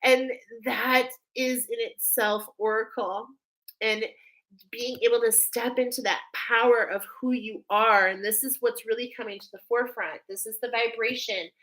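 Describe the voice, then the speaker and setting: A woman's voice: a little high, steady tone, moderate pace, fairly bright tone, poor audio. A woman doing a live spiritual oracle card reading, effusive and exclaiming, often breaking into laughter. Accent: American. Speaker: tarot and oracle card reader.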